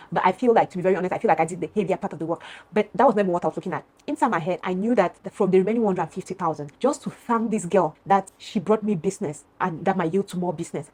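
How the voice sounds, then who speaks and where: A woman's voice: fairly low pitch, husky. A young woman from Cameroon vlogging casually, telling a long story to her viewers and acting out both sides of an argument. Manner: animated, addresses viewers as "guys", acts out both sides of a dispute.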